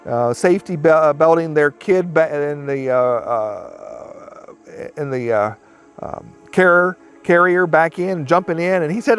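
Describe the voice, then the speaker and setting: Brief: man with a slightly high voice, rambling storyteller, soft music underneath. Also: animated, measured pace, clear, resonant tone. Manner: rambling retelling with quoted speech. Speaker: interviewee recounting a sighting. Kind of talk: casual storytelling interview.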